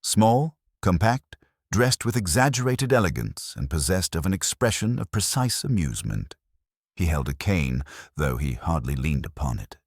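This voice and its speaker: Very deep male narrator, dramatic audiobook reading, dry close recording. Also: very animated, normal speed, slightly rough, no echo.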